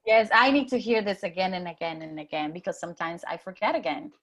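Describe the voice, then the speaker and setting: A woman guest recounts a personal story in easy conversation. She talks with lively swings and jumps up high whenever she acts out what she once said. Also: fast talker. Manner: animated, acts out her own past lines in a raised voice. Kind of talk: casual storytelling.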